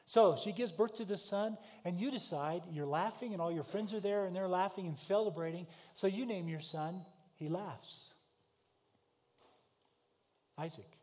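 A man preaching a sermon, telling the story with dramatic swings between loud and soft. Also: sits high, unhurried, big-room sound. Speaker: pastor.

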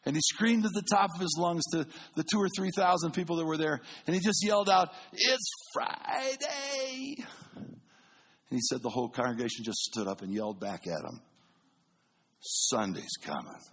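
A man preaching from the pulpit with a husky, slightly rough voice. He tells stories with animation, dropping low and soft, then climbing to booming calls. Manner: animated, swings between booming and hushed. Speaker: pastor. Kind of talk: sermon storytelling.

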